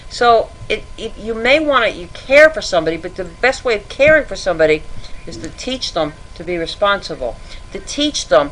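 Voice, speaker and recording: A woman's voice: medium pitch, expressive, brisk, a bit bright, a little hiss or hum, low-quality recording. Earnest woman giving credit advice. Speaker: credit repair guest. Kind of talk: podcast interview.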